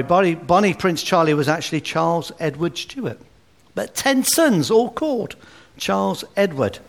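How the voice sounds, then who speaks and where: A man preaching a sermon with gentle humor and anecdotes, at a baby's naming. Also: a little high. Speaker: pastor. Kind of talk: sermon at a baby dedication.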